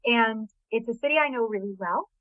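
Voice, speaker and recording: A middle-aged novelist, Hungarian-born with an American accent, is a guest in a casual interview over a tinny, dry phone line. She chats enthusiastically and brightly with small laughs, her voice on the high side and her delivery brisk.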